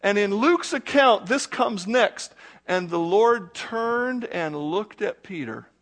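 A middle-aged man preaching a sermon in an animated, conversational way, full of rhetorical questions to his congregation. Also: sits high, slow pace. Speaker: pastor.

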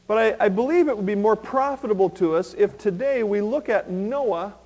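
A male pastor preaching a sermon, reading scripture slowly and with emphasis, then talking plainly to his congregation. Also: sits high, a little mellow.

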